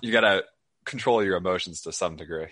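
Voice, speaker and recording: A man with a low voice, recorded dry and close, chats on a podcast. He is laid-back and jokey, putting things in plain, matter-of-fact terms. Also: a little fast, a bit bright, dry recording. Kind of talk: casual chat.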